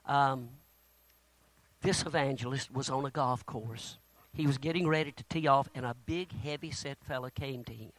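A male preacher telling stories from the pulpit, animated and prone to sudden loud bursts. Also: mid-range voice, moderate pace, no echo. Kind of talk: sermon storytelling.

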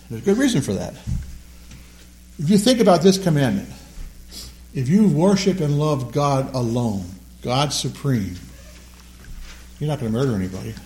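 A man's voice: medium pitch, a little mellow. A man leading a Bible class, teaching emphatically and often repeating words as he stresses a point.

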